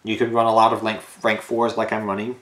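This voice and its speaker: A man's voice: on the low side, monotone, fast, fairly bright tone. A man casually talking through a card game deck, rambling with restarts, tired and a bit out of breath. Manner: loose, rambling, lots of restarts and "you know". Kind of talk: casual deck profile talk. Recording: roomy echo.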